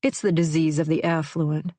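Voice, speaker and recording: A woman's voice: low-pitched, flat delivery, moderate pace, warm tone, no room sound. A woman doing a smug rich businessman. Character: smug wealthy businessman, condescending.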